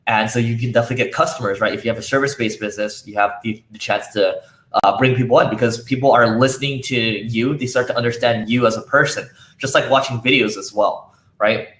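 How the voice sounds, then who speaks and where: At a conference, a man speaks casually and fast, full of fillers and restarts, his voice worn and starting to give out. It's mid-range, fairly even in intonation and a bit bright, with roomy echo in the recording.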